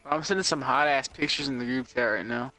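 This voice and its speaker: A man's voice: mid-range voice, fairly quick, pushed and bright, faint music behind. A man ribbing his friends in casual banter, crude and teasing, saying "bro" a lot. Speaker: podcast co-host.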